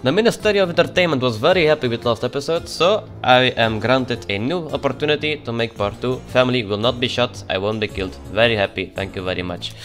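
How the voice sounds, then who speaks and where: A man's voice: mid-range voice, quick pace, few pauses, fairly bright tone, soft background music. Man in a mock Russian accent. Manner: curt, stern official tone toward game characters. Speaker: let's play gamer. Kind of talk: gameplay commentary in character as a border guard.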